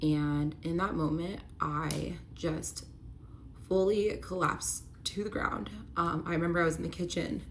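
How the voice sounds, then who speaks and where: A woman's voice: on the low side, fairly even intonation, measured pace, a little hiss or hum. A young woman telling a personal story to her phone camera, candid and earnest, with a casual "like" running through her talk. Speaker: real estate agent telling her story.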